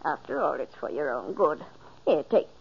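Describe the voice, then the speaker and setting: A woman's voice: sits low, very animated, moderate pace, creaky, husky, heavily acted. An actress playing a bossy, motherly housekeeper in a 1940s radio play. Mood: fussing. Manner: scolding, fussing. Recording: dull old radio recording.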